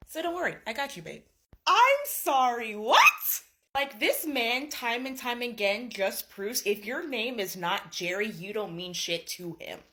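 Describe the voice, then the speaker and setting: A young woman in her twenties casually recapping a book, gossipy and animated, swearing freely. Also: medium pitch, moderate pace, hardly any pauses. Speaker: booktuber.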